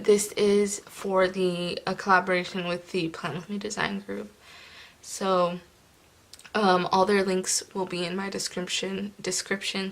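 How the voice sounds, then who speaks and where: A young woman from California with a groggy morning voice, chatting casually while she decorates a planner. She rambles with lots of fillers and drops into soft murmurs now and then. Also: medium pitch, rough recording. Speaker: planner vlogger.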